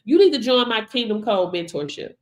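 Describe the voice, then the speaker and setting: A woman's voice: fairly high pitch, sing-song, brisk, echoey room. A woman in giving a sassy, preachy motivational talk to her livestream viewers, calling them baby. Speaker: livestream business mentor.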